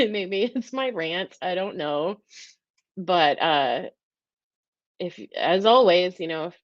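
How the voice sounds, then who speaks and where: A woman's voice: medium pitch, a bit bright, no echo. Earnest, emotional woman host on a dull recording. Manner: emotional, earnest, rambling with restarts. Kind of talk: live-stream talk. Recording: dull, dry lo-fi sound.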